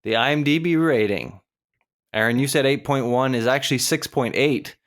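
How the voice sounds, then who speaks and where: Man calmly running a podcast quiz. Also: mid-range voice. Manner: measured, methodical scorekeeping. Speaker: podcast co-host running a rating game. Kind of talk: casual chat.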